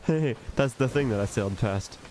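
A man's voice: mid-range voice, moderate pace, darkish tone, a little hiss or hum. A man giving casual gameplay commentary, joking and rambling to himself as he plays. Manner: joking, rambling self-talk. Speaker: gaming video host.

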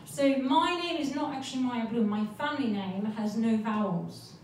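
Brief: high-voiced woman comic, brash and crude, very echoey club sound heard from a distance. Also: animated, moderate pace, a little mellow, slight background noise. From Poland. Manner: brash, profane, self-mocking. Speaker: stand-up comedian. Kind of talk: stand-up comedy set. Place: comedy club stage. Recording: echoey club room, far from mic, audience laughter.

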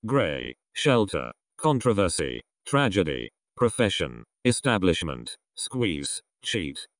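A man reading a vocabulary list aloud, one word at a time with pauses between. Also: low-pitched, no echo, clean studio sound. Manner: isolated words with pauses between.

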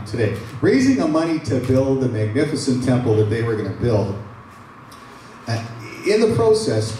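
Canadian pastor preaching in an echoey hall. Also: male voice, medium pitch, a little hiss or hum. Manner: animated, reads scripture aloud and paraphrases it casually. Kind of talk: sermon. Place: large church hall. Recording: echoey hall, mic from far off.

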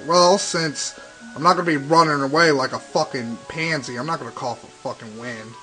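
A man's voice: mid-range voice, normal speed, bright, forceful tone, poor audio. A young man doing profane, sarcastic let's play commentary, ranting and swearing constantly. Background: game music.

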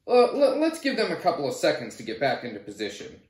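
A man reading a children's picture book aloud in an animated storytelling manner. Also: a little high, quick pace, few pauses. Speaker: storybook reader. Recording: roomy echo.

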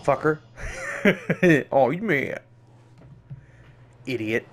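This young let's-play streamer has a fairly high voice and speaks very slowly, with long pauses, against game music and slight hiss or hum. Still excitable, he curses freely and yelps or laughs at the on-screen events.

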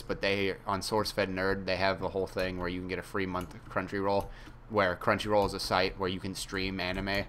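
A man's voice: fairly low pitch, a bit bright, slight background noise. A young man chatting casually while playing a game, rambling and mocking himself, with some swearing. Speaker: gaming YouTuber.

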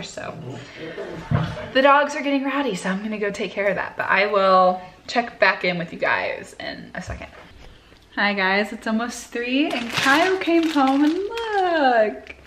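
Speaking from her home in a lowish, creaky voice, a young woman chats candidly to the camera in a casual vlog. She addresses viewers directly, and there is noise in the background.

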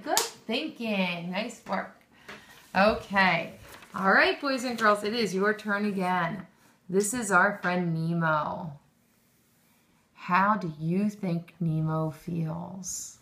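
A woman's voice: mid-range voice, takes it slowly, a bit bright, slight background noise. A woman teaching a lesson to young children, encouraging them and praising often, with questions drawn out.

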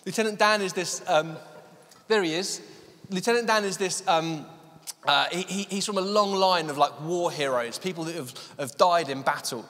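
A man preaching a sermon in a church hall, his voice sitting a little higher than most men's. He tells a story with frequent ums, then slows down on key lines, and every word trails off into a long hall reverb. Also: fairly bright tone. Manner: storytelling, many fillers, slows down for emphasis.

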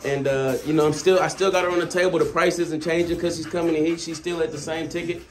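A man's voice: a little high, fairly even intonation, fast. A man talking casually to his viewers as a dog breeder, calling them y'all and breaking off to scold his dogs. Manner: laid-back, talks to dogs mid-sentence. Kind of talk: casual vlog.

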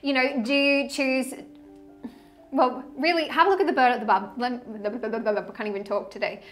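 Woman, high bright-pitched tarot vlogger, effusive, rambling, laughs a lot. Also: moderate pace, soft background music. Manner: chatty, effusive, laughs often, trails off mid-sentence. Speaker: tarot reader. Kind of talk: casual tarot reading to camera.

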